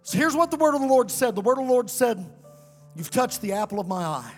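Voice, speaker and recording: A male pastor preaching a fiery sermon to a congregation, sometimes shouting and chanting his lines. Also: very high voice, big pitch swings, fairly quick, long reverb tail, faint music behind. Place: church sanctuary.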